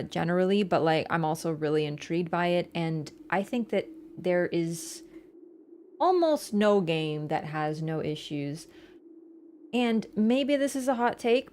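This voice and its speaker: A woman's voice: medium pitch, a little mellow, a little hiss or hum. A young woman game streamer wrapping up her livestream in a rambling, chatty way, with casual swearing. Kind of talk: casual livestream sign-off chat.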